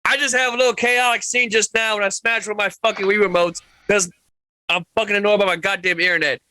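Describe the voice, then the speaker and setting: A man hosting a casual wrestling podcast, loud and profane, yelling with excitement, his throat a bit sore. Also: sits high, fast talker. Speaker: podcast host.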